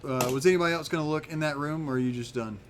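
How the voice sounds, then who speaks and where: A man narrating a tabletop game as game master, casual and halting with many fillers. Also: on the high side, a loud crowd.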